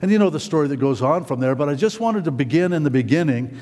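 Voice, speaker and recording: A man's voice: on the high side, expressive, fast, a little mellow. A middle-aged male pastor delivers a sermon in a casual, rambling way, stumbling over fillers and restarting his sentences. He keeps turning to the congregation with questions. His voice carries a long reverb from a church hall.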